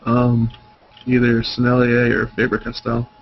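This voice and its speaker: A man chatting on a livestream in an easygoing, laugh-prone way. His voice comes over lo-fi call audio with a clear hiss underneath it. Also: mid-range voice, monotone, a little slow. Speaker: guest. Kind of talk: casual livestream chat.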